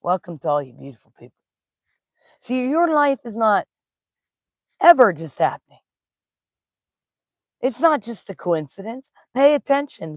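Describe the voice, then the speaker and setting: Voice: medium pitch, no echo, studio quality. A spiritual teacher giving a casual live-streamed talk, telling stories with folksy slang and greeting viewers in the chat. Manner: laughs easily, folksy slang.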